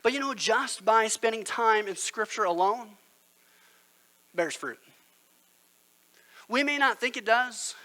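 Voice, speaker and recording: A male pastor preaches a sermon, telling stories in an earnest, conversational way. His voice sits high and sounds bright and forceful. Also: takes it slowly, long pauses, rough recording.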